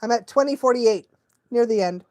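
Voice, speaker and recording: A woman's voice: a little high, normal speed, mellow, dry recording. A woman dog trainer hosting a casual watch-along live stream, chatty and laughing often, cooing baby talk at a dog now and then.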